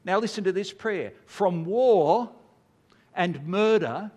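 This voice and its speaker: Older aussie guy preaching, pretty high voice, long echo off the hall. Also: lively intonation, slow pace, a little mellow. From Australia. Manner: earnest, builds to emphatic rhetorical questions. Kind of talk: sermon.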